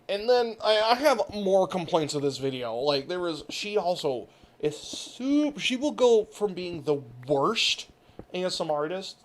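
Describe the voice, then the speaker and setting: Animated, rambling gaming host with a swinging pitch. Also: slight background noise. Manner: rambling, profane, animated, frequent laughter. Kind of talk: casual rant over gameplay.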